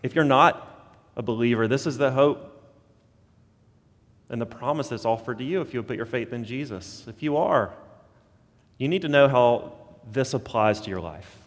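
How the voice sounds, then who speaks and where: A man's voice: mid-range voice, moderate pace, long pauses, long reverb tail. A man preaching a sermon as pastor, earnest and building to emphatic points.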